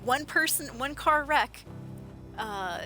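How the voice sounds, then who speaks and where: A woman streamer chatting casually while playing a game, animated storyteller who laughs often. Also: high-pitched, takes it slowly. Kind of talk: casual gameplay livestream chat. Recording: game music behind voice. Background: game music.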